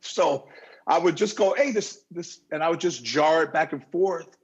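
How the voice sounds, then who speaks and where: Middle-aged man, high husky voice, rambling restarts, dull lo-fi sound. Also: moderate pace. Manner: rambling, animated storyteller with frequent restarts. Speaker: talk show guest. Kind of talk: casual storytelling.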